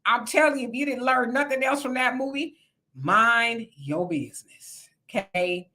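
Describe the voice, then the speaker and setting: A woman's voice: on the high side, normal speed, bright, forceful tone. A woman hosting a casual livestream, reading viewer comments aloud and reacting to them as she talks straight to her audience. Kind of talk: casual live chat.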